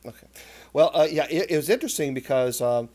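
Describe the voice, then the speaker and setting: A male host with a mellow, darker voice. He talks earnestly and doubles up his words as he goes, stumbling now and then while he wraps up a conversation. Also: on the high side, lively intonation, quick pace. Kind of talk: interview talk.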